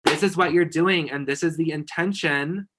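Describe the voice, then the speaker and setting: A man's voice: on the high side, moderate pace, noisy background. A man guest on a podcast, chatting casually and giving emphatic, effusive encouragement. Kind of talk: casual chat.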